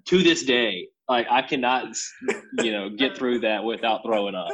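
A man's voice: medium pitch, normal speed, a bit bright, dull audio. Blunt male podcast co-host, noisy mic. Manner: chiming in briefly with blunt crude jokes. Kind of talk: casual chat about movies. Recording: mic with clear noise and clicks.

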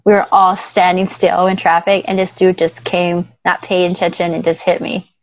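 A woman's voice: fairly low pitch, level tone, normal speed, no room sound. A chatty young woman guest rambles on in a casual conversation, laughing often. The recording is dry and slightly muffled, with a lo-fi sound. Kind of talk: casual chat.

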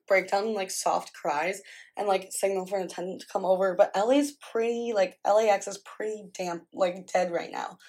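A woman's voice: medium pitch, darkish tone. A woman telling a story casually and rambling, with many filler words, in a storytime vlog. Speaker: vlogger.

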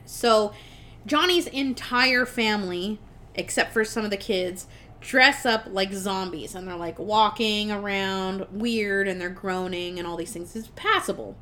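A woman's voice: mid-range voice, unhurried, bright, forceful tone, slight background noise. Chatty young woman recapping a movie. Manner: rambling, swearing, quoting characters in voices. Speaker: podcast co-host.

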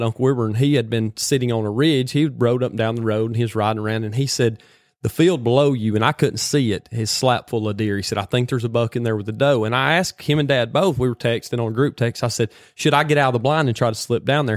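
A man telling a hunting story in a casual, animated way, full of folksy slang. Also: mid-range voice, fast talker, dry recording, clean studio sound.

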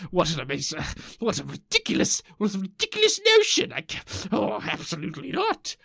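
A man plays a fussy upper-class Victorian Londoner, shrieking in high, warbling tones. He gasps out exclamations of plummy outrage and wonder, with an odd, strained timbre. The sound is dry and close. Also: huge pitch swings, a little fast, vocal fry, bright, forceful tone, breathy edge, dry recording, heavily acted. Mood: scandalized. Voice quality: shrill, plummy and theatrical. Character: posh, easily shocked Victorian Londoner at the zoo.

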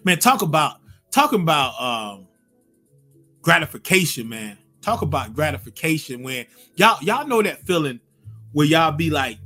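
Animated man ranting on a podcast. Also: high-pitched, normal speed. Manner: animated, acts out quotes in voices, swears freely. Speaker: podcast host. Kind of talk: casual opinion talk. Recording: faint music behind.

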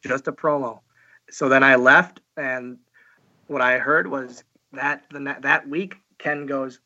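A man's voice: medium pitch, fairly bright tone, muffled recording. A man, a guest, telling stories in a casual interview with many fillers and restarts. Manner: halting, lots of fillers and restarts, chuckles. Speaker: guest, professional wrestler.

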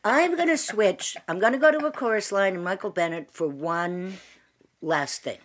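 A woman's voice: medium pitch, moderate pace. A woman in her sixties, co-hosting a casual tea chat with her son, telling long stories with many restarts and recaps. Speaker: podcast co-host.

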